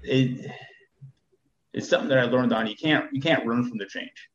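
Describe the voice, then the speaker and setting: A man's voice: medium pitch, normal speed. A man in his thirties, a soldier, talking candidly in a casual conversation and often repeating words as he thinks. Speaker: soldier guest. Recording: dull echoey room sound.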